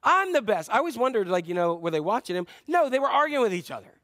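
A man preaching a sermon as a pastor, telling stories in an animated way and acting out scenes with playful humor. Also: sits high, very fast, no room sound, studio quality.

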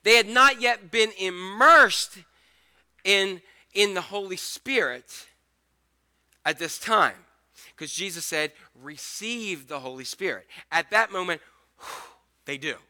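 Guy preaching a sermon, super bright and fairly high voice, chatty and lively. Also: takes it slowly, pauses often. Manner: conversational and animated, acting out the scripture scenes. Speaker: pastor.

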